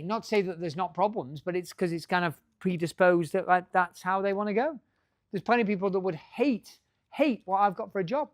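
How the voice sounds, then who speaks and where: A man's voice: sits high, no room sound, studio quality. A middle-aged man giving a business talk to a live audience, joking and swearing freely. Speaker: business speaker.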